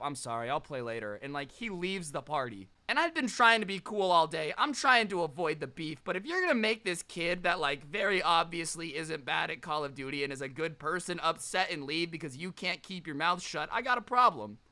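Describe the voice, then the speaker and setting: Young man, sarcastic storyteller, bright voice, slightly high. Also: fairly quick, hardly any pauses. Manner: sarcastic, animated retelling. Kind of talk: casual storytime.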